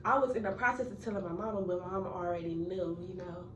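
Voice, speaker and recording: A woman's voice: lowish voice, fast, fairly bright tone. An eighteen-year-old woman telling a casual storytime, chatty and full of fillers, talking straight to her viewers. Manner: chatty, filler-heavy, addresses viewers as y'all. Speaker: vlogger. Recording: echoey room, mic at a distance, noisy.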